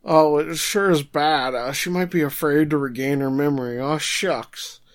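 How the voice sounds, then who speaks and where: A man's voice: fairly high pitch, steady tone, normal speed, pitched above the performer's own voice, close to an everyday voice. A man voicing a male doctor with mock concern and a sarcastic tone.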